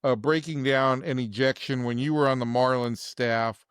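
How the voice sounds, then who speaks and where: A man co-hosting a sports podcast, talking in a measured, reflective way. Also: medium pitch, fairly even intonation, clean tone, no room sound, clean studio sound. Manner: measured, reflective, repeats words as he thinks. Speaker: podcast co-host, sports reporter. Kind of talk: casual sports chat.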